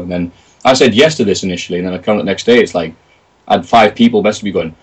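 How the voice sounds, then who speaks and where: A man's voice: on the low side, quick pace, husky, distant mic, low-quality recording. A British man telling stories in a casual interview, chatty and jokey, acting out quotes in other voices. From Britain. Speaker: interview guest, video creator.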